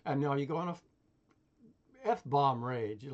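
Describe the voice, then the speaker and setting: A man's voice: on the high side, very animated, a little slow, pauses often, highs cut off. A man talking in a casual, rambling monologue, full of swearing, laughter and restarts. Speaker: vlogger.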